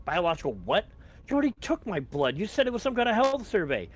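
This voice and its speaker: A man's voice: very animated, quick pace, breathy edge. A man voicing a weary mechanic in his late fifties, exasperated and more annoyed than afraid. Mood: protesting. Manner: exasperated, rising to high protest.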